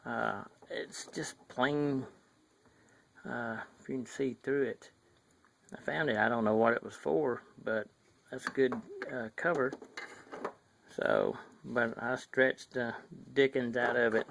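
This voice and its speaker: Slow, gravelly Southern-accented man. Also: medium pitch, lively intonation, a bit bright, slight background noise. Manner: self-deprecating, rambling with many fillers. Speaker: model builder showing his work. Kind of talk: casual chat to camera. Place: outdoors near his garage, in sunlight. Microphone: handheld camera, shaky.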